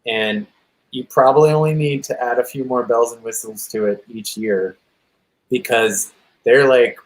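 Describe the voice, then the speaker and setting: A man hosting a podcast, talking through ideas in a relaxed conversational way, searching for words and repeating phrases as he thinks. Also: mid-range voice, unhurried, low-quality recording. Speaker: podcast host. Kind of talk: casual conversation.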